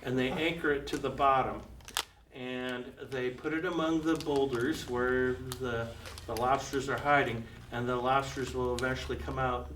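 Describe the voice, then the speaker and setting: A man's voice: mid-range voice, fairly bright tone. An older man telling a personal adventure story to a live audience, chuckling often and acting out the voices of the people in it. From United States. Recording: roomy, slightly distant, faint background hum.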